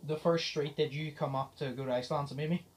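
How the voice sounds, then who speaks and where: A young man with a slightly high voice tells a story in casual podcast chat. He acts out every back-and-forth line of dialogue with plenty of energy. He swears freely and laughs as he talks. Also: brisk, background noise. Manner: animated retelling, acts out the dialogue. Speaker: podcast host.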